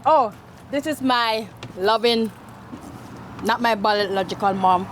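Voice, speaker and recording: A woman from Jamaica, a local resident, talking in a relaxed way outdoors. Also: a little high, slow, slight background noise.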